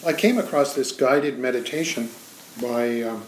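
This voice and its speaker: A man leading an informal meditation talk, speaking in a relaxed, hesitant way with frequent pauses. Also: mid-range voice. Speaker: meditation teacher. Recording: echoey room with faint noise.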